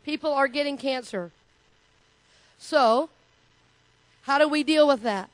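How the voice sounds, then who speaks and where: In a church sanctuary, a middle-aged woman minister preaches in a personal, conversational manner and leads the congregation in call-and-response. Her voice is high and slow, with no echo.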